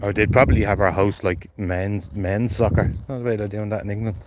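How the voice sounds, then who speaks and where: A man's voice: fairly low pitch, steady tone, brisk. Swearing Dublin man live-streaming outdoors. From Ireland. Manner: swears freely, reads out chat. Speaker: livestreamer. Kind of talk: casual live-stream chat. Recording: noisy outdoor background.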